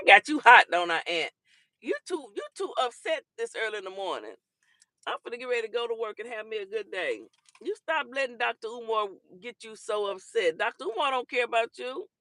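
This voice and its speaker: A woman hosting a casual livestream talk show, chatting and teasing commenters with a laughing, animated manner. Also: medium pitch, a little fast, dry recording, studio quality.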